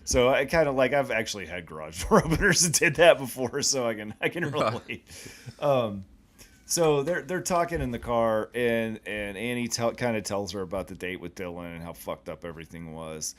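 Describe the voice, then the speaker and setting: A man's voice: mid-range voice, animated, moderate pace, fairly bright tone. A man co-hosting a podcast, casually recapping an episode in a rambling way, repeating words and swearing freely. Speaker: podcast co-host.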